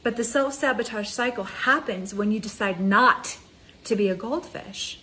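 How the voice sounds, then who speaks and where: A woman life coach giving an energetic, conversational motivational talk, speaking straight to her viewers. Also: on the high side, normal speed, poor audio. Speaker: mind ascension coach.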